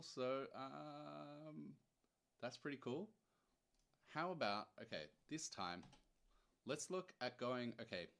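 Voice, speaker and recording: A low-pitched young man talks through a live software demo as he builds it. He keeps it loose and chatty, thinks aloud and drops wry little asides along the way. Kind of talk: casual live screen-share tutorial.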